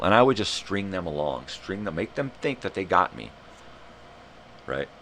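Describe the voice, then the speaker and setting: A man hosting a live morning show, ranting in a rambling, profane, animated way. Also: deep voice, a little slow, pauses often, slight background noise. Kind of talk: casual rant.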